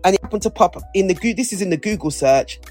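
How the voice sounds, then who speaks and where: A woman's voice: medium pitch, expressive, fast, darkish tone, faint music behind. A woman co-hosting a podcast, chatting casually and rambling, with lots of restarts. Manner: rambling, restarts sentences, playful. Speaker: podcast co-host. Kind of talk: casual chat.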